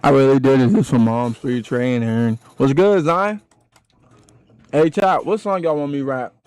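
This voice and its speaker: A man's voice: medium pitch, normal speed, a little mellow, clear, resonant tone, no echo, low-quality recording. A young man livestreaming, chatting with his viewers in slangy, hyped talk and rapping along to songs on a close desk mic. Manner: slangy, hyped, addresses chat constantly, raps lines between chatter. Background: music playing.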